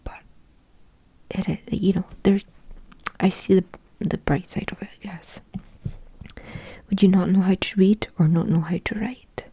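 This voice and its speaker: A young woman whispering a soft, musing ASMR ramble into a close microphone, thinking aloud with lots of fillers. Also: mid-range voice, fairly even intonation, unhurried, pauses often, husky, no echo. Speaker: ASMR creator.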